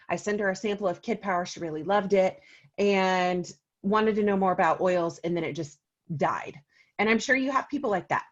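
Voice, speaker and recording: A woman's voice: medium pitch, lo-fi sound. A woman chatting on a video call as a meeting co-host, telling stories with lots of ums. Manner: chatty storyteller, many ums. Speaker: co-host of an oils business meeting. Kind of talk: casual video call talk.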